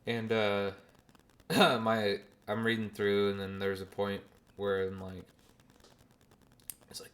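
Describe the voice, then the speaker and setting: A man's voice: fairly low pitch, slow pace, pauses often. Slangy young man telling a story. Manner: animated, swears casually, slangy. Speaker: podcast host. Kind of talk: casual storytelling.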